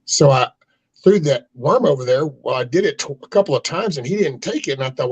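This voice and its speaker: A man's voice: medium pitch, expressive, brisk, breathy edge, rough recording. A man hosting an online chat and telling a loose, folksy fishing story with plenty of cussing. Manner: loose, profane, folksy yarn-spinning. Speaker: host.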